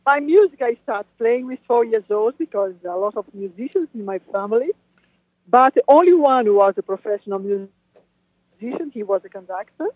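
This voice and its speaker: Woman, halting speech with restarts and laughs, dry tinny phone line. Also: on the high side, expressive, no echo. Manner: halting, restarts often, laughs between phrases. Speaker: guest musician. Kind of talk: casual interview over the phone.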